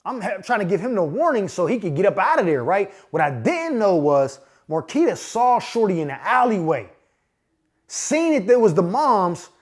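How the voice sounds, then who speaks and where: A man in his forties from Pittsburgh spins a comedic personal tale in loose street slang, his fairly high voice leaping all over the place. He talks straight to the listener with constant asides and acts out the people in his story. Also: big pitch swings, moderate pace. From Pittsburgh, USA. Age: 40s. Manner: frequent asides of "you know what I'm saying". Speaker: podcast host.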